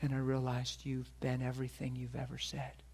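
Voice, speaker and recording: A man's voice: mid-range voice, completely flat delivery, moderate pace, vocal fry, a little mellow, breathy edge. A middle-aged man preaching a sermon as a pastor, telling a personal story earnestly and acting out the voices of the people in it.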